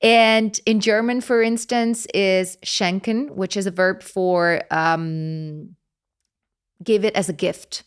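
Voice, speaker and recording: A young woman from Rome talks in English with a clear Italian accent. Her voice is smooth and resonant, and her pitch sits in a middle range. She tells stories in a lively, expressive way and pauses often to find her words. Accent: Italian, Roman. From Rome, Italy. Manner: expressive, lively storyteller with frequent hesitations. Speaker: polyglot content creator guest. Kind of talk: casual interview chat.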